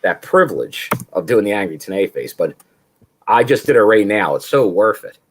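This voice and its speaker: A man's voice: fairly low pitch, big pitch swings, normal speed, a little hiss or hum. A man co-hosting a casual podcast chat, retelling scenes and quoting people. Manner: chatty, quotes people in a put-on voice. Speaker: podcast co-host.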